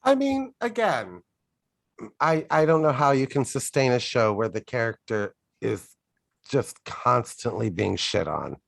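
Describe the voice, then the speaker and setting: A man's voice: medium pitch, very animated, measured pace, creaky, no echo, studio quality. A man co-hosting a podcast, chatting casually in a frank, offhand way with a bit of swearing. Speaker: podcast co-host. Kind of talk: casual chat.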